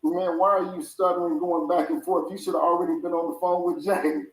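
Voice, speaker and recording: A man's voice: high-pitched, level tone, a little fast, crowd noise. A middle-aged man, a boxer's father, insistently arguing his point on a video call, repeating himself and swearing. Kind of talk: heated call with a fighter. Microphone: video call audio. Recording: roomy video call audio.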